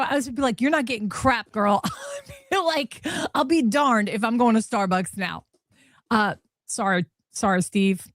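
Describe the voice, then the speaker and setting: Woman reading out texts, kinda high voice, dry close sound, laughs a lot. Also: no room sound. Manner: incredulous, laughing. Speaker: commentary host. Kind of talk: reading texts aloud with commentary.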